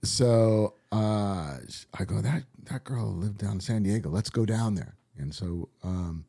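A man's voice: on the low side, unhurried, gravelly, dark tone, slightly rough. A man from Southern California telling stories in a casual, rambling chat, full of fillers and restarts. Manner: laid-back rambling, many fillers. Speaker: musician guest.

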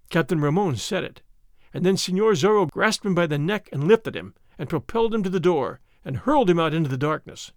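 A man narrating an adventure story aloud with expressive storytelling. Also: fairly high pitch, fairly quick, dry recording, clean studio sound. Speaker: audiobook narrator. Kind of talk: scripted narration.

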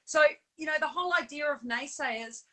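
Chatty high-voiced woman. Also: moderate pace, rough recording. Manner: chatty, animated, with frequent fillers and laughs. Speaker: co-host. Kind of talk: casual live-stream chat.

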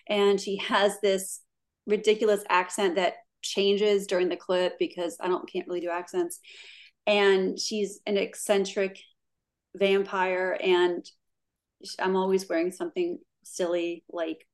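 A woman's voice: medium pitch, darkish tone. Chatty woman. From Pittsburgh, USA. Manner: chatty, many "like" fillers, laughs easily. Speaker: guest. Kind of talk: casual interview chat.

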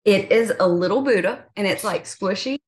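A woman co-hosting a podcast in casual chat, encouraging and quick to laugh. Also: medium pitch, reverberant. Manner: warm, encouraging, laughs often. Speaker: podcast co-host, medium.

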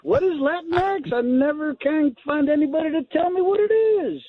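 High-voiced man caller on a muffled line. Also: no room sound. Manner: teasing, questioning, halting. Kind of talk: call-in radio chat.

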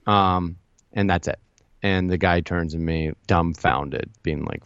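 Energetic man telling stories, low voice. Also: vocal fry, clean tone, no room sound, muffled recording. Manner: energetic storyteller, quick asides and restarts. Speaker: guest. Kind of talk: casual interview chat.

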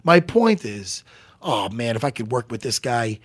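A man on a casual podcast, telling loud, jokey stories with a lot of swing in his voice. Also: medium pitch, unhurried, dry recording, clean studio sound. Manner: animated, loud, jokey storyteller. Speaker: MMA coach and podcast guest. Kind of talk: casual chat.

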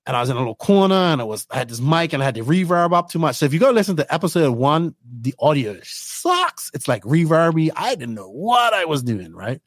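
This podcast host, a man from Bermuda, tells his own story in an interview with a fairly high voice, captured cleanly in the studio with no room sound. He rambles casually and often ends his sentences with "right?".

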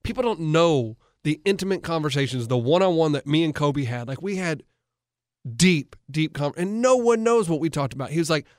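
A man's voice: a little high, moderate pace, no room sound, studio quality. A man, a coach and co-host, in casual sports talk, telling stories eagerly with many restarts. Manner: animated storyteller, retells others' words with many restarts.

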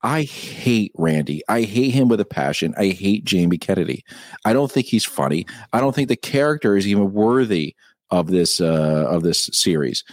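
A man's voice: low voice, lively intonation, normal speed, no room sound, clean studio sound. A man co-hosting a casual live-stream chat, ranting and swearing freely. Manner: profane, ranting. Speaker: co-host.

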